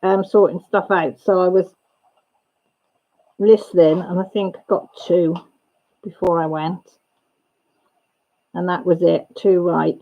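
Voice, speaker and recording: A woman's voice: fairly low pitch, fairly even intonation, slow, long pauses, muffled recording. A woman hosting a livestream, chatting casually and gossipily with viewers and laughing often. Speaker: livestream host. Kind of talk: casual chat with live viewers.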